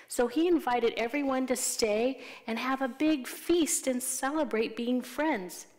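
A woman telling a Bible story to young children as a Sunday school teacher, gently asking them questions. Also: mid-range voice, in a large hall.

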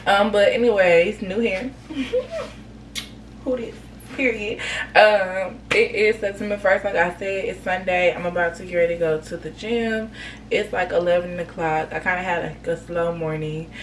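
A woman's voice: fairly low pitch, steady tone, moderate pace, a little hiss or hum, poor audio. Chatty woman vlogging in her car. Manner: chatty, filler-heavy, emotional and gushing. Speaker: vlogger and clothing designer. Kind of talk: casual vlog chat. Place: inside a parked car.

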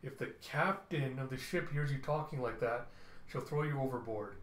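A man voicing a weary middle-aged father, speaking low and quietly. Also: moderate pace, reverberant, slight background noise, natural voice. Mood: urgent.

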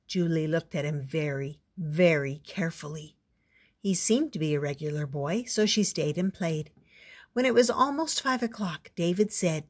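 An older woman reading a picture book aloud as a storyteller, expressive and playful. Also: deep voice, moderate pace, husky.

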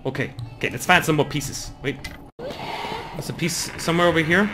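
A young man talks his way nervously through a horror game, muttering to himself and yelping at scares. His voice sits a little high for a man. Game music plays clearly behind him. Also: huge pitch swings, moderate pace. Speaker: gaming YouTuber. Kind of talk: horror game let's play.

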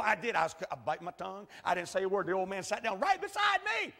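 A high-voiced man preaching in a church with long reverb. His tone is bright and forceful. He tells a folksy story that moves from quiet asides to shouted passages. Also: huge pitch swings, fast talker, creaky, hardly any pauses. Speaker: pastor. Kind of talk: sermon storytelling. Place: large church hall. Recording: echoey church hall.

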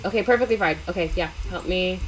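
A woman's voice: fairly low pitch, fast, music in the background. A woman chatting casually during a cooking game, playful, sarcastic and exasperated. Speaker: gaming YouTuber. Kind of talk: casual gameplay chat.

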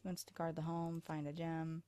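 A woman's voice: sits low, completely flat delivery, moderate pace, warm tone, clear, resonant tone. A woman casually commenting on her life-sim gameplay, tired and chatty, rambling and self-deprecating, recorded on a USB microphone. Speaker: let's play host.

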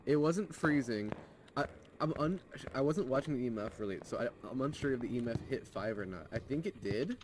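A man's voice: mid-range voice, expressive, fairly quick, noisy background. Hesitant young-sounding man gaming with friends. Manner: hesitant, stumbling over words. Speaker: gamer. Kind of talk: casual chat while gaming.

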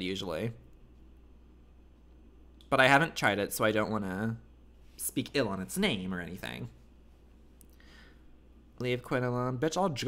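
A man's voice: mid-range voice, sharp tone. A young man streaming a game live, talking in a campy, sassy, profane way and laughing often. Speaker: gaming streamer. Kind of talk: live gameplay commentary.

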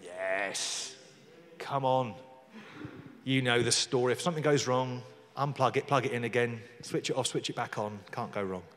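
A man's voice: mid-range voice, moderate pace, a bit bright. Preacher man in a reverberant hall. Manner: conversational, jokey asides, reads scripture with emphasis. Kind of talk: sermon. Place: church hall.

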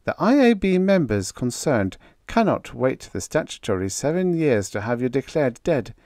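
An audiobook narrator voicing Ermin, a calm, courteous male agent who speaks in a gentle, precise and formal way. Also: medium pitch, normal speed, dry recording, clean studio sound, pitched above the performer's own voice. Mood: measured, formal.

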